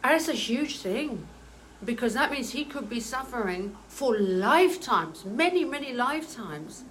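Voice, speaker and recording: A woman's voice: fairly high pitch, animated, a little slow, a bit bright, slight background noise, poor audio. Brief: earnest woman medium, casual storytelling, hesitant and emotional. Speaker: spiritual medium.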